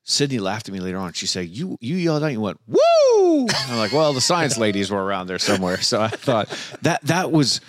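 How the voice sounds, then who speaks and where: Deep-voiced animated man chatting. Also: fast, few pauses, a little hiss or hum. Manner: animated, laughs easily, stumbling restarts. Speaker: podcast co-host. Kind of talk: casual movie chat.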